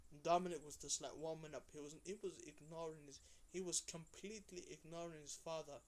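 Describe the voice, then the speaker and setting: A man's voice: fairly high pitch, steady tone. Rambling man recapping a wrestling episode. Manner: rambling, with fillers and restarts, quick voice changes for quotes. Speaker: wrestling show reviewer.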